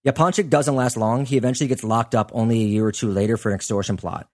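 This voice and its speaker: A man in the middle of his range hosts a podcast, recounting a story in relaxed, chatty fashion. He fills his telling with asides and small tangents, keeping it loose and conversational. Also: mid-range voice, fast talker. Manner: conversational, chatty, lots of "like" and "you know" asides. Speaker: podcast host. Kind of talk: casual storytelling chat.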